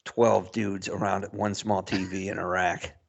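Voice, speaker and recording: A podcast co-host chats casually, rambling and chuckling his way through his points. His voice sits low and creaky with a level tone, and he speaks a little slowly.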